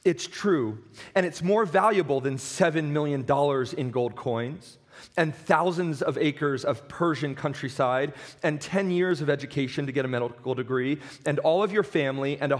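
A pastor preaching a sermon, earnest and emphatic, slowing down for weight and sometimes stumbling over restarts. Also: male voice, on the high side. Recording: long hall reverb.

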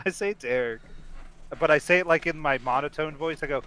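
A man's voice: on the high side, normal speed, long pauses, sharp tone. A man co-hosting a podcast, chatting casually through a film recap, rambling with restarts and laughing often. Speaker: podcast co-host.

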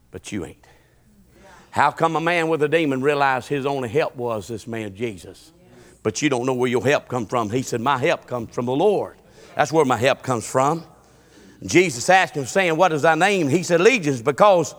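Man, preacher; high-pitched, sharp tone, folksy, shouts then mutters, reverberant hall. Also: lively intonation, normal speed. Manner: folksy, swings between shouting and low muttering. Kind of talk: sermon.

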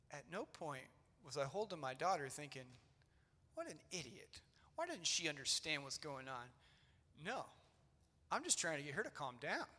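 A pastor in his thirties preaches in an old church, his voice on the high side, bright and forceful. He's earnest and conversational, with loose fillers, and the recording has a long church-hall reverb.

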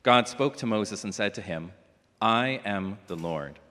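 A man reading a Bible passage aloud in church, in a measured, solemn delivery. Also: fairly low pitch, lively intonation, sharp tone. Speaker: scripture reader. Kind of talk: formal scripture reading. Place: church hall. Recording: long reverb of a church hall.

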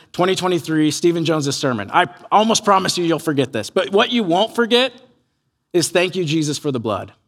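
A man preaching a sermon as pastor, earnest and animated, acting out quoted voices as he tells a story. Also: high voice.

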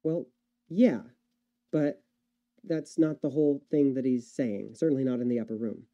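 Dark-voiced man preaching conversationally. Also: mid-range voice, steady tone, normal speed, dull audio. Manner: conversational, self-correcting, with wry asides. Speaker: pastor. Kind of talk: sermon.

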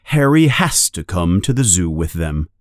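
A man reads a children's story aloud at an unhurried pace, his pitch rising and falling with the tale. His voice sits on the low side and is recorded close and dry. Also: dry recording. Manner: slow, lively storytelling. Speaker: narrator. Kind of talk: slow storybook read-aloud.

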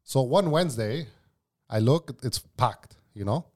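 A man's voice: medium pitch, measured pace. A man and former cook telling stories in a casual podcast chat, profane and slangy, often calling the other person "bro". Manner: animated anecdote-teller.

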